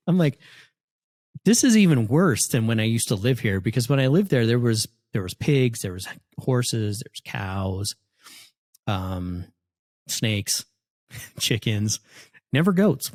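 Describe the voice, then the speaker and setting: A man telling a spooky story in a casual, animated way, often acting out the voices of the people in it. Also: medium pitch, no echo, studio quality. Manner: animated, acts out voices in his stories.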